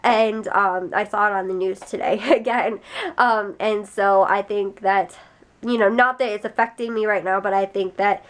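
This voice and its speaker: A woman's voice: medium pitch, fairly even intonation, normal speed. A young woman vlogging casually to her viewers, rambling with lots of fillers, her nose stuffy from a cold. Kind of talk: casual vlog chat to camera.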